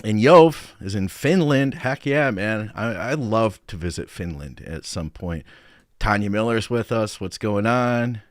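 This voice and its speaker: A man's voice: fairly low pitch, animated, a little slow, no room sound. A middle-aged American man hosting a live podcast stream, greeting viewers and reading comments in an upbeat, chatty way. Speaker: podcast host and coach. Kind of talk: casual live-stream chat.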